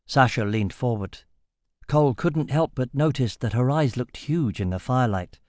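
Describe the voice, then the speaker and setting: A man narrates a fantasy audiobook in a steady, even storytelling manner. His medium-pitched voice moves at a normal speed, recorded in clean studio sound with no room sound.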